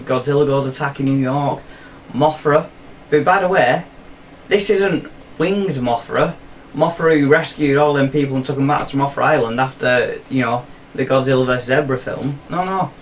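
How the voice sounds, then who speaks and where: A man's voice: medium pitch, distant mic, a little hiss or hum. A young man hosting a film review show, recapping the plot in a rambling, sweary, jokey way.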